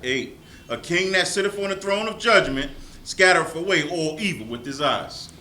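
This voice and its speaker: A man reading numbered scripture verses aloud in a measured, formal way during a service. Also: a little high, animated, sharp tone, reverberant, a little hiss or hum, low-quality recording. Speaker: scripture reader.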